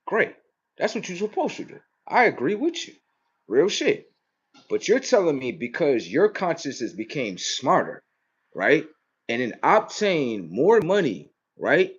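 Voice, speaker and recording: Man, high-ish voice, cursing street rant, mocking, loud then muttering, dull lo-fi sound. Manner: swings between loud outbursts and low mutters. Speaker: vlogger.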